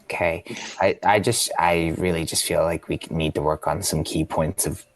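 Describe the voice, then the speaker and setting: A man's voice: low-pitched, steady tone, normal speed. A man playing a tabletop role-playing game who makes dry, sarcastic remarks to the other players. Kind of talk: tabletop role-play banter.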